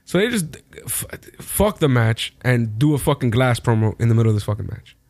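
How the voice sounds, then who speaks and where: A young man co-hosting a podcast, talking in loose, profane, joking banter. His voice sits at a middle pitch. The sound is dry, with no room echo. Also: very animated, a little fast, a little mellow. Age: young adult. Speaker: podcast co-host. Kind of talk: casual chat.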